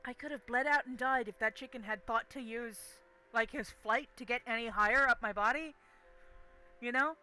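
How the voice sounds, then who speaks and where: A young woman streaming a game and telling a story in an animated, profane, emphatic way. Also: a little high, moderate pace.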